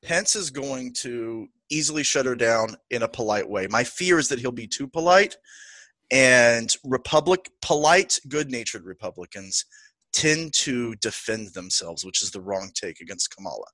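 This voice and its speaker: A man co-hosting a podcast, chatting casually and with strong opinions about politics, often slipping into quick impressions of the people he talks about. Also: medium pitch, no room sound. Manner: opinionated, animated, quotes people in put-on voices. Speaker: podcast co-host.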